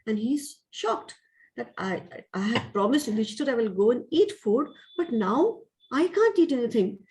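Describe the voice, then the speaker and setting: A woman, a spiritual teacher telling a story as a lesson with a lively, expressive manner. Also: a little high, moderate pace, poor audio.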